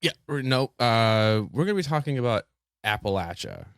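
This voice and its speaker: A man's voice: medium pitch, fairly quick, smooth, dry recording, clean studio sound. A young man hosting a casual podcast, laid-back, swearing freely and laughing often. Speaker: podcast host.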